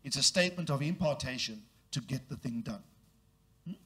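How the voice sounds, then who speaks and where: A pastor preaches a sermon, leading his congregation in repeating phrases and acting out the story's characters with big leaps in pitch. His voice is animated, brisk, sharp in tone, and slightly rough.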